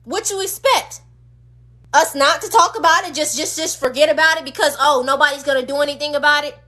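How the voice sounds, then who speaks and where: High bright-voiced woman ranting passionately. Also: fairly quick. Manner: emphatic, repetitive rhetorical questions. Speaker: streamer. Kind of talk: impassioned livestream rant. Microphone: phone.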